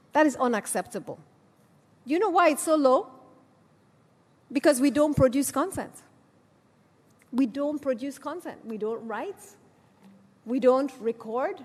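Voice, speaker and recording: A woman's voice: high voice, a little mellow, long reverb tail. A woman giving a conference speech, persuasive and rallying, with rhetorical questions. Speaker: conference speaker.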